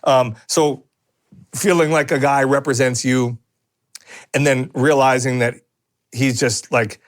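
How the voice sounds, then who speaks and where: A man's voice: mid-range voice, fairly even intonation, slow. Man, podcast co-host, rambling casual talk, studio recording. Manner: rambling, frequent restarts and fillers.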